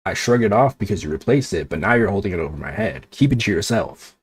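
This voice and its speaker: A man's voice: low voice, expressive, fast talker, husky. A man streaming as a VTuber, ranting casually with exasperation, swearing and sarcasm. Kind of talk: casual livestream chat.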